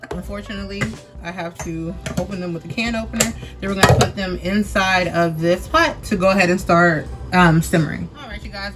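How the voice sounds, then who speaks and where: A woman's voice: mid-range voice, fairly bright tone. A young woman hosting a casual cooking vlog from her home kitchen, chatting straight to her viewers with easy slang. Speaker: cooking vlogger. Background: background music.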